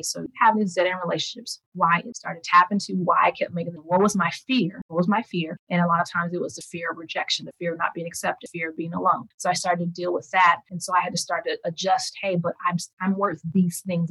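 A woman in her thirties, a podcast guest and author, talking in an animated, emphatic way and often laughing. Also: fairly low pitch, husky, no room sound, poor audio. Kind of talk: conversational interview.

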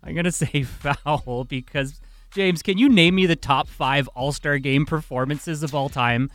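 A man's voice: a little high, unhurried, a bit bright, dry recording. A man co-hosting a sports talk show, casual and teasing, pushing back on his co-hosts. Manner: teasing, pushes back on the others. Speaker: sports radio co-host.

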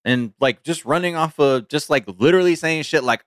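A man's voice: a little high, normal speed, no room sound, studio quality. A man co-hosting a podcast, chatting casually and joking with his co-host, swearing freely. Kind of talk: casual chat. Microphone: studio mic.

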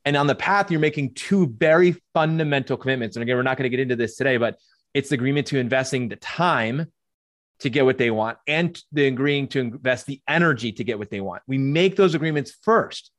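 A man's voice: mid-range voice, expressive, brisk, a bit bright, no room sound, clean studio sound. Emphatic man on a podcast. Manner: emphatic, repeats words as he builds a point. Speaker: podcast co-host coaching chiropractors. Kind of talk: casual podcast conversation.

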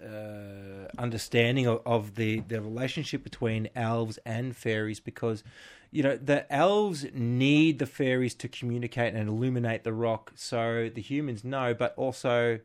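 A man's voice: medium pitch, steady tone, measured pace. A man co-hosting a comedy podcast, rambling through mock-serious riffs with lots of fillers and restarts. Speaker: podcast co-host. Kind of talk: casual comedic banter.

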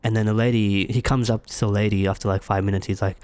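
Low-voiced man telling a story. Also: fast, no room sound, clean studio sound. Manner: animated storytelling, acting out dialogue. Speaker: storyteller in a casual chat. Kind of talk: casual chat.

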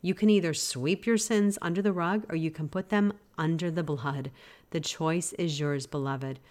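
Low-voiced woman giving a devotional talk. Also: fairly even intonation, moderate pace. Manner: earnest, gently exhorting. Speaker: podcast host. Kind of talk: devotional podcast teaching.

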